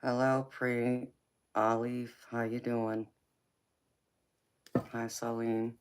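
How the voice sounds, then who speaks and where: A woman's voice: very deep voice, little pitch movement, drawn-out words, clean tone. A woman with a Southern US accent from Georgia, hosting a casual live tarot stream, greeting viewers with honey and baby and lecturing them about manners. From United States. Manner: folksy, calls viewers honey and baby, laughs often. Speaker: tarot reader and livestream host.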